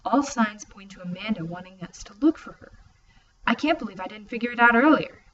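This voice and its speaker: A woman reading an audiobook, voicing a calm, amused teenage boy who speaks in a slow, wry, measured way. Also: medium pitch, crowd noise, lightly acted. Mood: earnest. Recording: distant, muffled, faint hiss.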